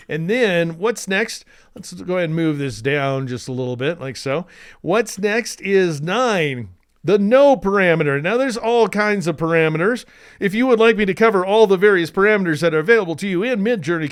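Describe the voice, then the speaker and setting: A man hosting a screen-share software tutorial, chatty and enthusiastic, with asides and restarts. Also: mid-range voice, clean tone, no room sound, studio quality.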